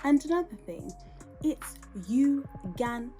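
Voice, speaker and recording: A woman's voice: mid-range voice, moderate pace, darkish tone, soft background music. A woman with a British accent, from the UK, hosting a reaction podcast and firing off indignant rhetorical questions. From United Kingdom. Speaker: podcast host.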